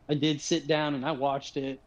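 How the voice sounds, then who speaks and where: A man's voice: fairly high pitch, dull audio. Laughing man, casual guest. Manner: laughs often, hesitant restarts. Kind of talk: casual gaming chat.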